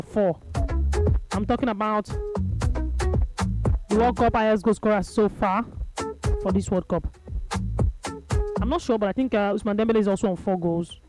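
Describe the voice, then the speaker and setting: A woman doing live radio football commentary, excitable, thinking aloud and rising to shouts at big moments. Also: medium pitch, unhurried, pauses often, over music.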